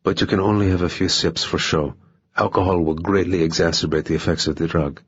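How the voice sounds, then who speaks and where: A man's voice: low-pitched, steady tone, fairly quick, slightly rough, no room sound, lo-fi sound. A man voicing a playful, thrill-seeking young woman spy who talks in a teasing, half-mocking way.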